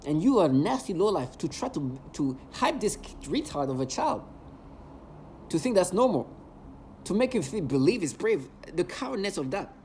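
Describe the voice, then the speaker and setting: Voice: mid-range voice, big pitch swings, normal speed, darkish tone, slight background noise. A vlogger ranting in an agitated, emotional monologue, hurling repeated insults.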